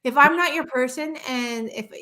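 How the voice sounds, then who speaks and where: A woman's voice: high-pitched, moderate pace, sharp tone. Earnest woman hypnotherapist talking shop. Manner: passionate, earnest, many restarts. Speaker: hypnotherapist guest. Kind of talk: live-stream conversation.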